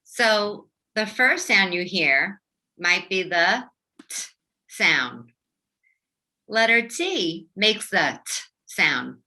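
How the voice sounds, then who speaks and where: Lady teacher doing phonics for little kids, slow and bouncy, bright voice. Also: medium pitch, expressive. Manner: slow, clearly enunciated, sing-song teacher voice. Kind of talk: children's phonics lesson.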